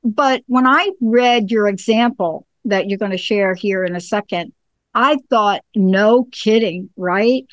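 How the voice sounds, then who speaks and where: A woman hosting a casual chat, lively and exclaiming, correcting herself with a laugh. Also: medium pitch, measured pace, no echo.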